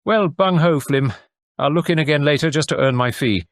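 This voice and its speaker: A man's voice: a little high, no room sound, studio quality, pitched above the performer's own voice, close to an everyday voice. Man doing a breezy cheerful doctor. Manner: breezy and brisk. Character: brisk, cheerful family doctor, middle-aged man.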